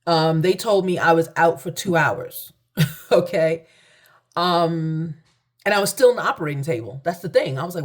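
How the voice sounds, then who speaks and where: A woman, a spiritual reader, telling her own story to viewers in an earnest, emphatic way, repeating phrases and jumping high when she quotes others. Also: measured pace. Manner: acts out quoted voices in sudden high pitch.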